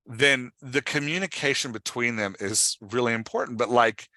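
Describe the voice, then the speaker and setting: A man hosting a podcast, explaining with excited, fast-flowing talk in a casual discussion. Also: mid-range voice, no room sound. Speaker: podcast host.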